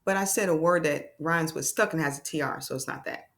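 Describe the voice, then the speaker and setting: A woman's voice: low-pitched, a little fast, vocal fry, a bit bright. A woman teaching a children's phonics lesson, sounding out words and asking encouraging questions.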